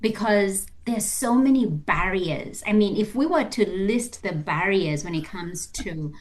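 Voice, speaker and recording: A woman's voice: medium pitch, expressive, a little slow. A woman hosting a podcast interview, affirming her guest and building her points with emphasis. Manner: emphatic, affirming, talks in long building thoughts. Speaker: podcast host. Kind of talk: conversational interview.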